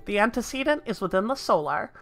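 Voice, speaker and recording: A woman's voice: medium pitch, sing-song, fast talker, gravelly, soft background music. A woman voicing a tiny, chipper, formal female receptionist with a prim, overly polite way of speaking.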